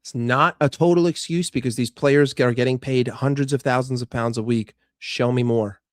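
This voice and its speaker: A man's voice: medium pitch, steady tone, a little fast, no echo, studio quality. A young man streaming live, frustrated and swearing as he rants and answers chat about his football team. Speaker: fan channel streamer.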